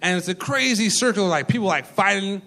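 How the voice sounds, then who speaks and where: A man's voice: high-pitched, animated, a little fast, pushed and bright. A young man doing a stand-up comedy set on a club stage, loose and profane, full of fillers.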